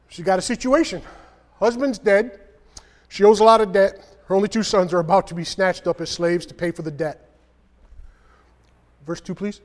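A man's voice: high voice, moderate pace, long pauses. A man preaching a conversational sermon, reading scripture and acting out the quoted voices. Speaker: speaker. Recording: long hall reverb.

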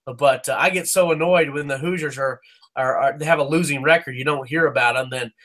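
Man co-host, somewhat higher voice, fired-up sports rants, Midwest feel. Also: fairly bright tone. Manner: fired-up ranting, swearing, quick restarts. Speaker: podcast co-host. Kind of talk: casual sports talk.

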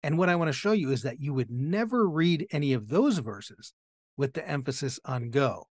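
A man's voice: medium pitch, animated, normal speed, no room sound. Man teaching on scripture, dry close sound. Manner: explanatory, asks the listener rhetorical questions. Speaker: Bible teacher. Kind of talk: teaching sermon.

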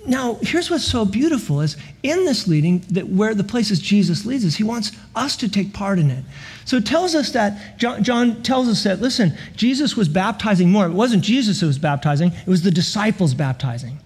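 A man's voice: high voice, big pitch swings, normal speed, a little mellow, husky. A man preaching a sermon as pastor, telling stories with laughs and repeated stammered words.

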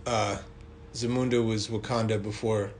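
A man co-hosting a podcast in casual chat, talkative and quick to laugh, reading out listener mail. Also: fairly low pitch, flat delivery, a little mellow, slight background noise. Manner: chatty, laughs easily, reads listener mail aloud. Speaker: podcast co-host.

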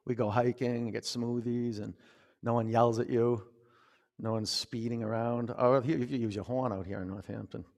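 Gravelly-voiced male yoga teacher, chatty. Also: mid-range voice, fairly even intonation, normal speed, a little mellow, big-room sound, dull audio. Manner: chatty, rambling, with many "you know"s. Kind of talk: talking while leading a yoga class. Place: yoga studio.

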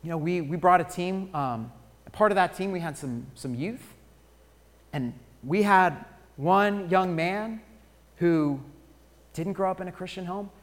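A pastor preaching a sermon in a church, moving between hushed, pleading warnings and loud, rousing encouragement. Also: male voice, high-pitched, unhurried, in a large hall. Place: church sanctuary.

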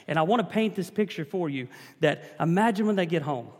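Man, preacher, sermon, slightly higher voice, emphatic, church reverb. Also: expressive, a little fast, a little mellow. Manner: preaching with rising emphasis and calls to the congregation.

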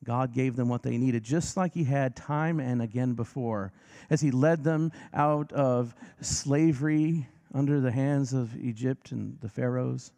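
A pastor gives a gentle, reassuring sermon, easing his pace on key lines. His voice is gravelly, in a middling register. He speaks directly to his congregation. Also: medium pitch. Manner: gentle, reassuring, slows down for emphasis.

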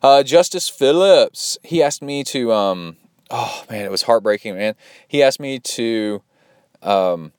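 This mid-range male voice is animated yet slow, with a clean tone captured in a clean studio with no room sound. As a podcast host and triathlon coach, he reads out listener donations in casual chat. He rambles cheerfully, uses plenty of fillers, and mimics the beeping of a watch.

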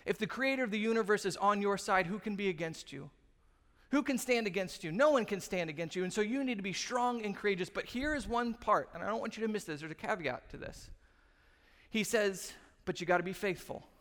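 A male pastor in his thirties preaches with a fairly high, fairly bright voice at a slightly fast pace. He tells stories animatedly and acts out the quotes, and the long reverb of a large church hall carries his words.

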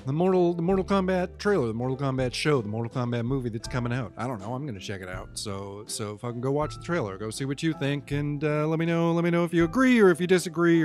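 Man, solo show host, casual and profane, rambling talk, faint guitar music behind him. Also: on the high side. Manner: rambling, profane, with many restarts. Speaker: podcast host.

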